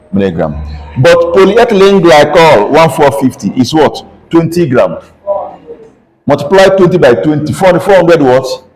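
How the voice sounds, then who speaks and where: A man's voice: a little high, darkish tone, poor audio. Man lecturing with constant "what?" questions. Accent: Nigerian English. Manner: call-and-response questioning, asks "what?" constantly. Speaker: pharmacy lecturer. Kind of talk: classroom lecture.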